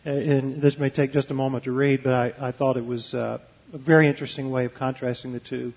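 A man's voice: mid-range voice, little pitch movement, quick pace, lo-fi sound. A man who is a Baptist preacher, talking in an interview with many fillers and restarts. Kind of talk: conversational interview, reading a passage aloud.

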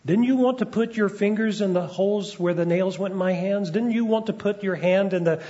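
A gently teasing risen teacher with a wry manner, as a preacher puts him on. The voice is fairly high. It sounds muffled and lo-fi. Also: male voice, fairly quick, natural voice. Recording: dull lo-fi recording.

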